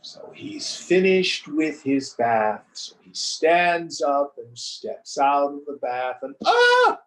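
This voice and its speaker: A man teaching scripture over a video call, telling a parable slowly and deliberately and posing rhetorical questions. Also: fairly high pitch, a little hiss or hum, rough recording. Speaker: spiritual teacher. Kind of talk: scripture lesson with storytelling. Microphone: video call recording.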